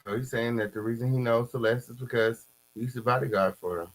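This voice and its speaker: Animated commentary guy with a faint hum. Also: quick pace, poor audio. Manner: animated, repeats catchphrases, pitch jumps up when excited. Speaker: commentary host. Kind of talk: casual commentary reacting to posts.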